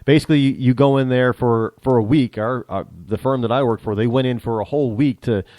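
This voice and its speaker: A man's voice: medium pitch, a little fast, mellow, dry recording. A man from the northern United States hosting a talk show, chatting alone in a rambling way with many restarts and a northern American accent. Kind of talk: casual solo monologue.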